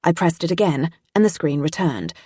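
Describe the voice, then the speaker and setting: A woman reading a mystery audiobook in a tense, steady first-person narration. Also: deep voice, normal speed, slightly rough, no echo, studio quality.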